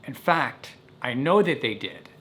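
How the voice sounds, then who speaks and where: A man voicing a serious male police officer who speaks formally and flatly. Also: mid-range voice, unhurried, slight background noise. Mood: stern.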